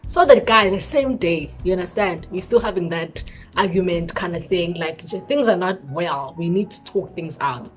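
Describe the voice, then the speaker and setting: South African woman, young adult, expressive storytelling, lowish voice, soft music underneath. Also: moderate pace. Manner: expressive storytelling that mixes in isiZulu words. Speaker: vlogger. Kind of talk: storytime vlog.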